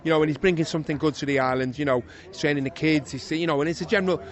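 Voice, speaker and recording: Retired boxer, Liverpool man, middle-aged, rapid lively anecdote delivery, slightly higher voice. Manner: lively storyteller, chuckling, swears oaths. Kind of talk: casual interview anecdote. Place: outdoors at an evening boxing event.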